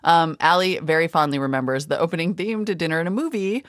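A woman's voice: deep voice, fast, no room sound. A woman co-hosting a casual talk show from a studio, chatty and enthusiastic, prone to going off on tangents. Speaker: podcast co-host. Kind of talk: casual chat. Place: radio studio.

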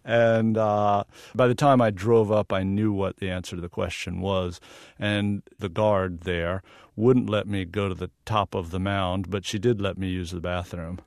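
A man from the American South, a photographer, interviewed on the radio in a relaxed, storytelling way that breaks into easy laughs. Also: deep voice, measured pace, gravelly, dry recording, clean studio sound. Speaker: guest photographer.

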